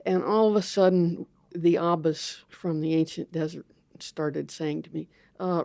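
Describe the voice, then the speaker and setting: Older woman, theologian guest, candid, self-mocking, low voice, dry close sound. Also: fairly even intonation, unhurried, vocal fry, mellow, no echo. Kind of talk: storytelling in an interview.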